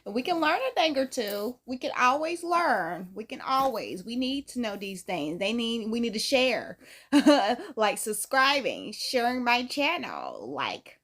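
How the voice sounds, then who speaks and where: High, lively woman reaction host. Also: unhurried. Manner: loud, laughing, slangy and emphatic. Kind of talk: casual reaction chat.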